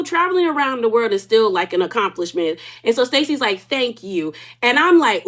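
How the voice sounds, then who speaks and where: A woman recaps a reality show in a loose, gossipy way. Her voice sits fairly high, and she stretches out her reactions as she retells each moment. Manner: gossipy, animated, drawn-out reactions. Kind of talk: casual recap commentary.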